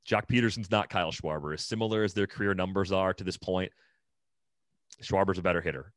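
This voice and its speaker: A podcast co-host talks baseball in a deep voice with fairly even intonation, a little fast, captured as clean studio sound without room sound. He's casual and analytical, working things out aloud with lots of "like" and false starts.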